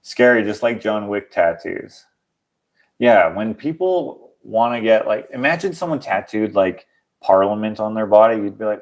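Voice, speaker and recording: A young Canadian man with a fairly low voice hosts a casual livestream chat at normal speed. Relaxed and easygoing, he rambles from one joke to the next and reads viewer comments aloud.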